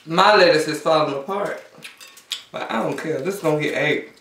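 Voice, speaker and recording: A woman's voice: low voice, moderate pace, fairly bright tone, slight background noise. A woman hosting a casual eating show, chatting and humming over her food between bites. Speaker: mukbang host. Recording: echoey room, a bit far from mic.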